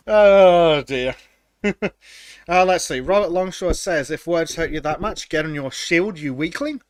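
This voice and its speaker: A man's voice: on the high side, lively intonation, slow pace, long pauses, no echo. A man co-hosting a casual podcast, reading chat comments aloud, laughing often and stumbling over his words.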